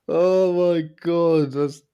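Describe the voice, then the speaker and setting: A man co-hosting a casual podcast with his brother, excitable and quick to exclaim. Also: a little high, clear, resonant tone. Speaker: podcast co-host. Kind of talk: casual chat between brothers.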